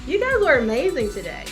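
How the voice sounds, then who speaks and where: A woman acting coach wrapping up an online class in a chatty, upbeat way, repeating her words and laughing easily, on a video call. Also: sits high. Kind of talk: casual encouraging wrap-up talk. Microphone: video call microphone.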